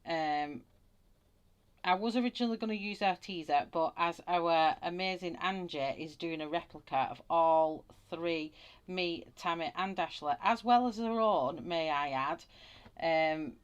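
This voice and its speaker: A woman's voice: fairly low pitch, unhurried, clear, resonant tone, highs cut off. A woman with a Wigan accent, chatting casually to live viewers while she colours, greeting them by name and rambling along. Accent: Wigan, Lancashire. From England. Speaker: colouring channel host.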